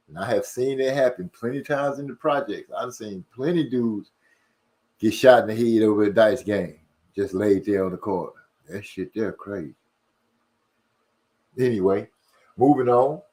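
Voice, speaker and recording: A man hosting a casual livestream, reading viewer comments aloud and rushing and stumbling over his words. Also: medium pitch, a little mellow. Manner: fast-talking, rushes and stumbles over words. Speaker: livestream host.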